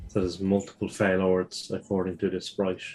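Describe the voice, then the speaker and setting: A man's voice: deep voice, completely flat delivery, normal speed, a little mellow. A man, a player chatting casually in a tabletop game.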